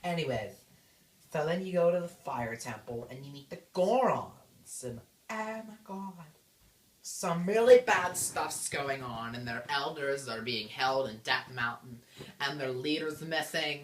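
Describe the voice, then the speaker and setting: A woman's voice: very deep voice, lively intonation, measured pace, reverberant, slight background noise. A woman giving a bubbly, jokey recap of a video game as a reviewer. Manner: bubbly, gushing, jokey retelling.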